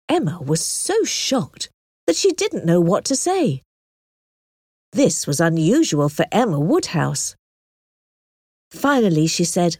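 A woman narrating an audiobook of a simplified classic novel, with clear, expressive storytelling. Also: lowish voice, slow, long pauses, dry recording, studio quality.

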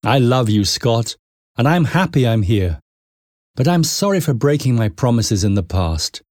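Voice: medium pitch, sing-song, unhurried, darkish tone, no room sound, studio quality, pitched below the performer's own voice. A narrator voicing a loving father apologizing to his son in an audiobook. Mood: tender. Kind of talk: audiobook reading.

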